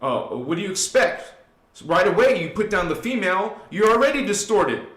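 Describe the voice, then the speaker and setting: A man hosting a live spiritual talk, preaching emphatically to his listeners and swinging from hushed to loud. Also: high voice, sing-song, moderate pace, reverberant. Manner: preachy, addresses listeners directly. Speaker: spiritual channel host.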